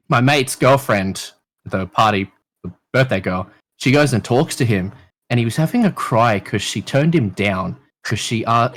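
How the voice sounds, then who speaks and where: Lively Australian guy telling stories. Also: mid-range voice. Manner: animated, swears a lot, acts out people in stories. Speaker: podcast guest. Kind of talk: casual storytelling chat.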